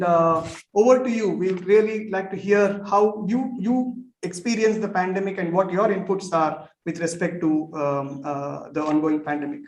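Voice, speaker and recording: High-voiced man moderating. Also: darkish tone. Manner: formal, with frequent "uh" fillers. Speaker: panel moderator. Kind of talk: formal introductions. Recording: roomy echo.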